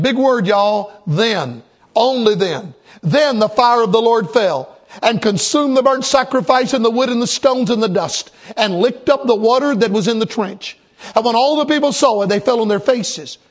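High-voiced preacher, emphatic. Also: male voice, normal speed. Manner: rhythmic, emphatic preaching with repetition. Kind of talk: sermon.

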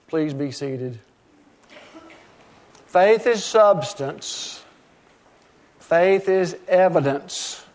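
A man's voice: on the high side, extremely slow, pauses often, a little mellow. A middle-aged man pastoring a church, preaching a sermon in an earnest storytelling way, often acting out what others said to him. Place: church sanctuary.

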